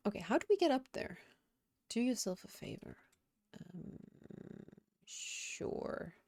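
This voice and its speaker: A woman's voice: medium pitch, huge pitch swings, moderate pace, creaky, dark tone, slight background noise. A woman game streamer chatting casually and reflectively on a live stream, often laughing.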